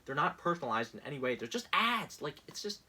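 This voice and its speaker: A man's voice: on the high side, very animated, fast talker, bright, forceful tone, breathy edge. A young man ranting sarcastically in casual commentary, exasperated and laughing often.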